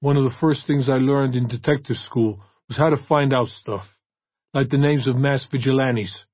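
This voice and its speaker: A man voicing an angry, battered male private detective who talks back gruffly and defiantly. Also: mid-range voice, fairly even intonation, normal speed, no echo, muffled recording, pitched above the performer's own voice, lightly acted. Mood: aggrieved.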